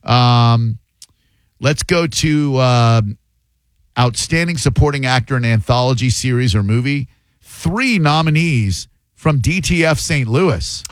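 A man's voice: medium pitch, slow, dry recording. Sarcastic man chatting casually. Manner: sarcastic, teasing. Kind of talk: casual chat.

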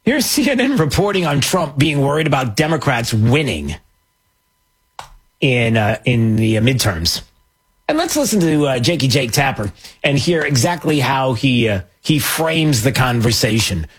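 A man hosting an opinion commentary show, talking in a sarcastic, mocking and animated way. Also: mid-range voice, normal speed, slightly rough.

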